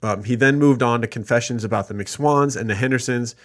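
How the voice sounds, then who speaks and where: A man's voice: mid-range voice, fairly quick, a bit bright. Man casually retelling a true crime case. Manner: retells case notes with jokey asides. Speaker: podcast co-host.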